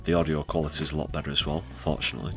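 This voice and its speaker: British male livestream host, very low voice, sardonic delivery, faint music underneath. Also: flat delivery, racing. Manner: dry and sarcastic, with mock emotion. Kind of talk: casual live news commentary.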